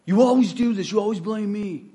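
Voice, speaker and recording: A man's voice: sits high, fairly quick, mellow, close to an everyday voice. A man voicing bickering young male disciples who blame each other in a whiny, slangy way.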